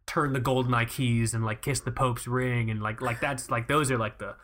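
A man's voice: medium pitch, fairly even intonation, normal speed, a bit bright. Brief: young guy, podcast co-host, loose and rambling, drops swear words, stacks up filler words. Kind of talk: casual chat.

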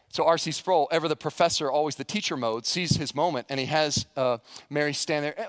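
A man's voice: fairly high pitch, fast, few pauses, a bit bright, clean tone, no room sound, studio quality. A male pastor preaching a sermon, telling stories with animation and putting questions to the congregation.

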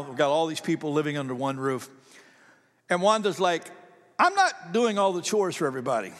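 An older man preaching a sermon in a conversational, animated storytelling way. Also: fairly high pitch, long reverb tail. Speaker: pastor.

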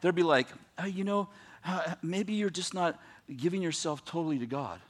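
A man preaching a sermon, swinging from quiet scripture reading to loud, excited shouting, with animated storytelling. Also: fairly high pitch, moderate pace. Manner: animated storytelling with voiced asides.

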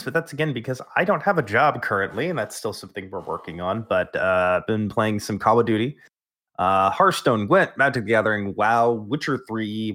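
A man's voice: on the low side, a bit bright. Laid-back male podcast host. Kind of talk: casual podcast chat.

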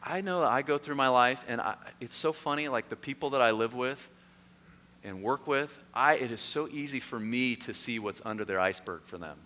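A man preaching a sermon as a pastor, in a conversational storytelling manner that turns lively and self-mocking. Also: medium pitch, moderate pace. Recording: echoey hall.

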